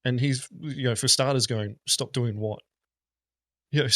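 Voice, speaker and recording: A man's voice: medium pitch, brisk, dry recording, clean studio sound. A man, a gaming content creator, rambling and swearing in a casual podcast chat. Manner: rambling, profane, animated.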